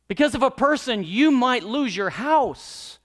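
A man preaching a sermon, swinging between loud emphatic lines and hushed, quiet asides. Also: very high-pitched. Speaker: pastor.

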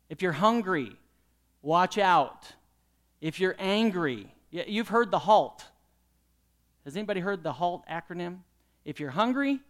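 A man preaches a sermon in a slightly raised, lightish voice. He speaks as a pastor, pausing to quiz his listeners and leading them in call-and-response. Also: high voice. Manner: questions the congregation and leads call-and-response.

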